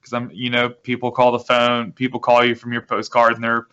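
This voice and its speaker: A man guest explaining his business in a relaxed, rambling interview manner, with many restarts. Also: medium pitch, brisk, clear, resonant tone. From South Carolina. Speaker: guest, real estate wholesaler. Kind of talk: casual interview talk. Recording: dull lo-fi audio.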